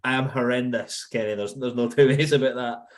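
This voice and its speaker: Brief: male co-host, cheeky self-deprecating banter, middle pitch. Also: steady tone, fairly quick. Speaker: podcast co-host. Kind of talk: casual podcast chat.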